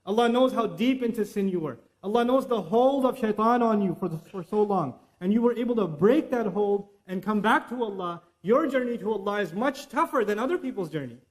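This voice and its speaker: Guy with a high voice doing a religious talk, chatty and animated, drops arabic verses in. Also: a little fast, hardly any pauses. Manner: animated, conversational, mixes in Arabic recitation. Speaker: Islamic lecturer. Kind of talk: religious lecture.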